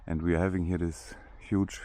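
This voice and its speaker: A man's voice: sits low, level tone, normal speed, dark tone, dry recording. A man with a German accent narrating a casual walking tour outdoors, often restarting his sentences as he searches for English words. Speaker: vlogger. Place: outdoor cemetery.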